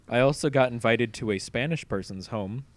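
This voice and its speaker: A man's voice: mid-range voice, lively intonation, slow, dry recording. A man hosting a podcast, telling a long story in casual chat. He laughs often and swears freely. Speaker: podcast host.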